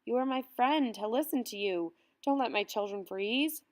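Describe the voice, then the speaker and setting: A woman's voice: a little high, normal speed, a little mellow, lightly acted. A woman reading aloud, voicing a desperate mother who pleads tearfully for her children in a storybook reading. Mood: pleading. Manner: pleading, tearful, rising to outcry.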